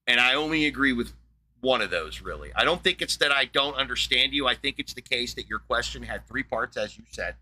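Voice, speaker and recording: Blunt, profane man with a bright voice. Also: mid-range voice, brisk. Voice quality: wheezy laugh. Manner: blunt, profane, excitable, laughs often. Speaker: livestream host. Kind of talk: casual livestream rant.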